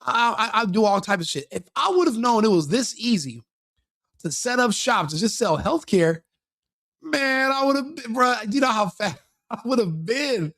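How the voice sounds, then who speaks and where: High-voiced joking male streamer. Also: normal speed. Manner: joking, animated, mocking. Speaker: live-stream host. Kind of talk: casual stream commentary.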